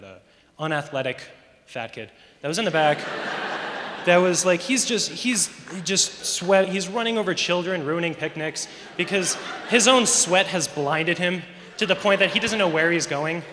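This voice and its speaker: A teenage boy does rambling, self-mocking stand-up at a school talent show, saying "you know" a lot from a large auditorium stage. His male voice is fairly high, normal in speed and sharp in tone, with a little hiss or hum over the echoey hall sound.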